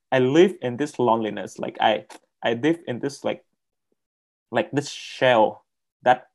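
Male guest, halting and sincere, mid-pitched voice. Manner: hesitant, restarts, plain words. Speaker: interview guest, coaching client. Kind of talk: personal testimony.

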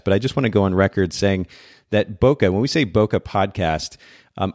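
A podcast host from Japan, with a low, darkish voice, chats casually with his guest in an interview, often restarting sentences and rambling. The recording is dry and of studio quality.

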